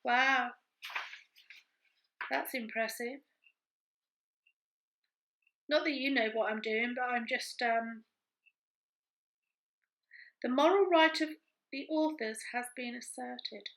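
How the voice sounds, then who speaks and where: A woman's voice: a little high, takes it slowly, long pauses, fairly bright tone, poor audio. A woman in a casual crafting chat, thinking aloud as she works. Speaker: craft vlogger.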